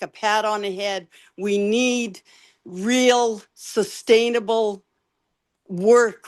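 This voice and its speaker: An older woman, a candidate giving an emotional, halting closing statement over a video call, often repeating words. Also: medium pitch. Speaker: election candidate.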